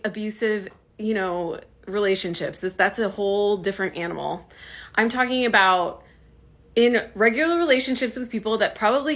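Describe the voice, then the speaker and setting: A woman with a bright, forward voice speaks directly to her viewers, giving advice in a casual, emphatic way. She talks at a middle pitch and slips into quoted dialogue as she tells her story. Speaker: social media creator. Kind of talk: direct-to-camera advice vlog.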